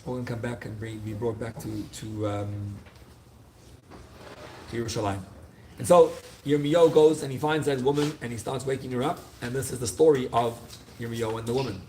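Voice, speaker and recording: Male rabbi with a mid-pitched voice, storytelling sermon, lively retellings, faint hiss behind him. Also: fairly quick. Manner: storytelling, acting out figures' pleas. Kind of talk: explaining liturgical poems.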